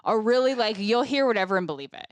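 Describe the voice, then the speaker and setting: A woman's voice: a little high, expressive, fast, no room sound. Chatty woman on a podcast, voice swings up and down a lot, curious, picks things apart. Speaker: podcast co-host. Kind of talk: casual chat.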